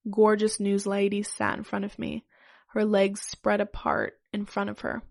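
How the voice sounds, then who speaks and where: A woman's voice: medium pitch, completely flat delivery, a little slow, vocal fry, a little mellow. Woman podcast host narrating a comic story read-aloud. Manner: breaks up laughing.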